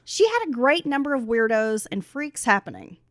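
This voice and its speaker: A woman's voice: fairly high pitch, very animated, normal speed, dry recording, clean studio sound. A woman co-hosting a podcast, reading listener stories aloud and chatting in a teasing, laughing way. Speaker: podcast co-host.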